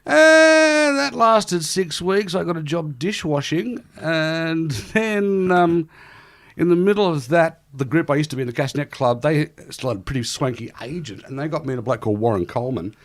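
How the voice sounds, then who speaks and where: A middle-aged Australian man in casual podcast chat, telling stories in an animated, self-deprecating way and laughing often. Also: fairly high pitch, fairly quick. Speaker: guest comedian.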